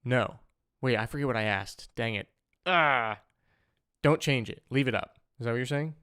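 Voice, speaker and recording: A man's voice: mid-range voice, normal speed, a bit bright, clean tone, no echo, studio quality. A young man chatting casually with viewers on a music livestream. He greets people by name and rambles loosely between topics. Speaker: streamer and musician.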